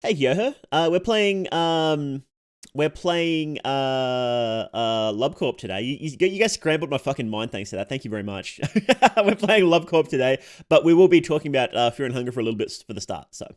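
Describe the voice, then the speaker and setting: A young male VTuber chats casually with his viewers while playing a game. His pitch moves around a lot. He laughs often, reads messages aloud and trips over his sentences before restarting them. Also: animated, normal speed. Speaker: VTuber streamer. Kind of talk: casual live-stream chat.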